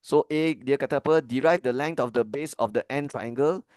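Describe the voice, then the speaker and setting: A man's voice: medium pitch, fairly quick, darkish tone, dry recording. A man with a Malaysian English accent, a maths tutor working through an exam paper in a casual way, often checking "okay?" and slipping into Malay phrases. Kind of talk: exam-paper walkthrough lesson.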